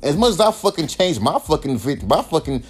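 Over faint music, a podcast host in his thirties rants with heavy profanity, animated and scornful. He mocks his critics by imitating them in high, sneering voices. His slightly rough voice runs a little fast.

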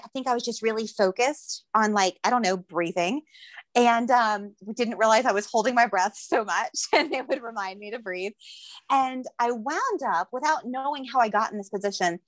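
A young woman telling a story in a casual chat, lively and jokey, acting out the voices she quotes. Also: fairly high pitch, no echo. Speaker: guest telling her birth story.

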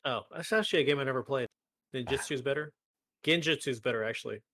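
A man's voice: mid-range voice, fast, bright, forceful tone, no room sound, clean studio sound. A man co-hosting a live stream talk show, bantering with jokes at his own expense. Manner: joking, self-deprecating banter. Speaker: podcast co-host. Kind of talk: casual chat.

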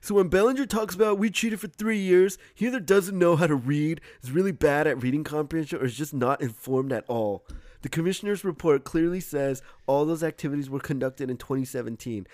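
A man talking in a casual sports chat, animated and sarcastic, mocking what he argues against. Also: a little high, no room sound, clean studio sound.

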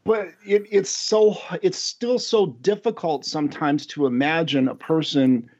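A man's voice: fairly high pitch, measured pace, a little mellow. Man, podcast guest, earnest, rambling, restarts a lot, laughs easily, dull lo-fi audio. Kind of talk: casual conversation. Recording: lo-fi dull sound.

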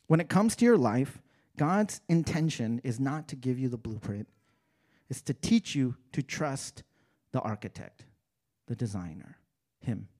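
A male pastor delivers a relaxed, conversational sermon. He peppers it with rhetorical questions. His delivery swings between loud, animated stretches and hushed, earnest ones. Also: medium pitch, a little slow. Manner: casual preaching with rhetorical questions and "right?".

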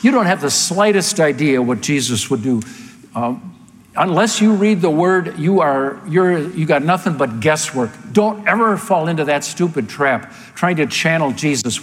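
A man's voice: a little high, animated, moderate pace. Emphatic preacher man in a reverberant hall. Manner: emphatic, rhetorical questions, gets worked up. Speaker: pastor. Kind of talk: sermon.

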